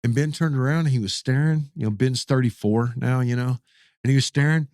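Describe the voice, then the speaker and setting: Man, 50s, pastor, casual interview storytelling, folksy, animated, repeats words, mid pitch, dry close recording. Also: fairly quick, dry recording.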